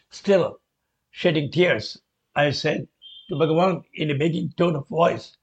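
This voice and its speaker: A man reads a devotional memoir aloud at a very slow, measured pace. His voice sits slightly high and earnest. The recording is dull and lo-fi. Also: gravelly. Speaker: reader.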